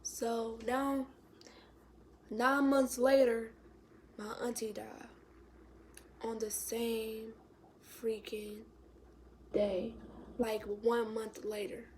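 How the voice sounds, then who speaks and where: A woman's voice: fairly high pitch, flat delivery, extremely slow, pauses often, a little hiss or hum. A young woman tells a sad story in a vlog, close to tears and often dropping to a whisper. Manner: emotional, tearful, drops to a whisper. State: close to crying. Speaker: vlogger.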